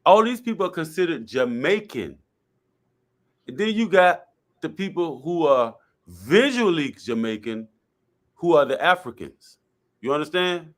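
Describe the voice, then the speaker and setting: A man's voice: on the high side, very animated, a little slow, pauses often. Blunt, colloquial man explaining at length. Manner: blunt, colloquial, repeats points. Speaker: guest speaker. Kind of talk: casual discussion.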